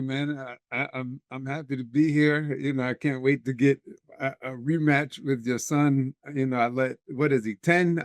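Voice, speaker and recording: A man's voice: mid-range voice, no room sound. A man as a podcast guest, chatting casually and teasing playfully. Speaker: podcast guest, education leader. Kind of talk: casual interview chat.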